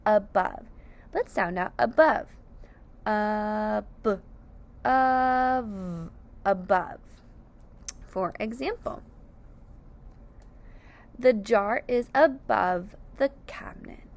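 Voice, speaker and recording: A woman's voice: medium pitch, expressive, takes it slowly, vocal fry, long pauses. A woman teaching a phonics lesson, sounding out each word syllable by syllable with careful, over-enunciated speech. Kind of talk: slow, deliberate phonics lesson.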